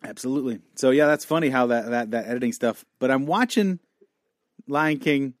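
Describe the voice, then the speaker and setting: A man co-hosting a podcast in casual chat, animated and swearing freely. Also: medium pitch, a little fast, dry recording. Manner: animated, swears a lot, gets choked up. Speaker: podcast co-host.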